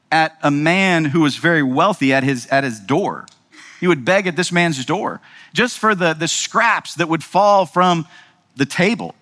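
In a big-room sound, a pastor with a slightly high, fairly bright voice delivers a conversational sermon. He poses rhetorical questions and keeps checking in with his audience, often saying "right?"

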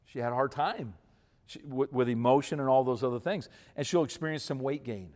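A man in his fifties with a mid-pitched voice, talking folksy and emphatic as he advises an audience. His words carry a long hall reverb. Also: brisk, darkish tone. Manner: folksy, emphatic, repeats himself. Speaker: speaker giving marriage advice to men. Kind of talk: advice talk to an audience.

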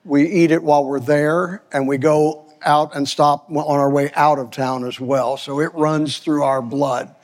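An older man from Cincinnati preaching a Sunday school lesson in a church, folksy and earnest with slow, emphatic delivery. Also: on the high side, fairly even intonation, big-room sound. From Cincinnati, Ohio. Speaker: guest preacher. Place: church sanctuary.

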